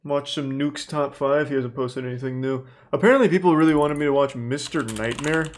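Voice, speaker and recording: A man in his thirties hosting a casual reaction commentary, telling stories in a profane, animated way. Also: medium pitch, fairly quick. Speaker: host reacting to videos.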